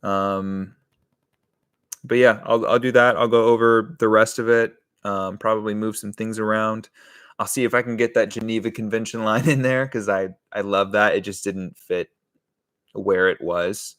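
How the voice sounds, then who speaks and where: Brief: fairly low male voice, relaxed rambling streamer, talks through his writing with the chat. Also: normal speed, clear, resonant tone. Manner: thinks aloud, rambling, answers chat, chuckles often. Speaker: comedy sketch writer streaming live. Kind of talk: casual live-stream chat while writing.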